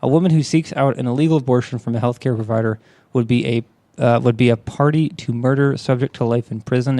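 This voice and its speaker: Male podcast co-host, warm mellow tone, dry close mic, reading a news piece. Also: medium pitch, no echo. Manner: steady, measured reading. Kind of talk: reading a news article aloud.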